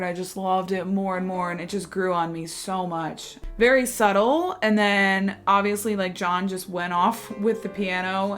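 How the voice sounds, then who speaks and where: A woman talking casually and excitedly to her viewers while reacting to an album. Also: medium pitch. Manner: chatty and excitable, talks to viewers directly. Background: faint music playing.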